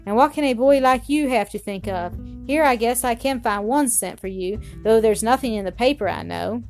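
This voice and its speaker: A woman reading the part of a thin, thrifty little old man from a storybook, speaking gently and without hurry. The voice stays fairly high, and soft music plays faintly underneath. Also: normal speed, lightly acted. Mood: gentle.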